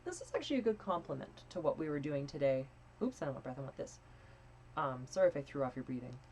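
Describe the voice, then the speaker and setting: A young woman coaching a live voice training lesson in a casual, chatty way, swearing freely and demonstrating breathy and pinched sounds. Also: low voice, big pitch swings, quick pace, darkish tone, a little hiss or hum.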